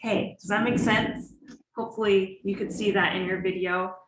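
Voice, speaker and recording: A woman's voice: medium pitch, fairly even intonation, normal speed, noisy background. A woman teaching a breathwork class over a video call in a casual, reassuring, chatty way. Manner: chatty, reassuring, with laughs and fillers. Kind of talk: casual instructional talk. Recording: echoey room.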